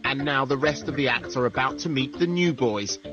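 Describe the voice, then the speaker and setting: A man reading scripted voice-over narration for a TV documentary in a wry, measured manner. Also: medium pitch. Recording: dull TV audio under loud music. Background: music.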